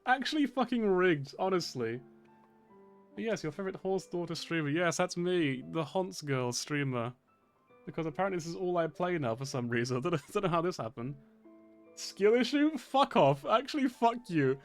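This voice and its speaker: A man's voice: a little high, animated, a little fast. Foul-mouthed exasperated male streamer. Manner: swears a lot, loud exasperated outbursts. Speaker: game streamer. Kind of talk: casual live-stream commentary. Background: game music.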